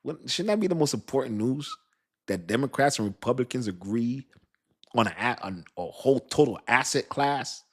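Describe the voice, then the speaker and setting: A man's voice: mid-range voice, lively intonation, normal speed. A middle-aged man hosting a casual crypto talk. He reads chat comments aloud, repeats himself for emphasis and laughs at his own lines. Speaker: crypto channel host.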